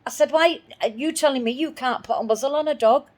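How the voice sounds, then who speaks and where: A woman's voice: high-pitched, fairly quick, a little mellow. Indignant woman telling a story. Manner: indignant, retells arguments with repeated phrases. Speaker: dog owner telling her story. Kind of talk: spoken personal account.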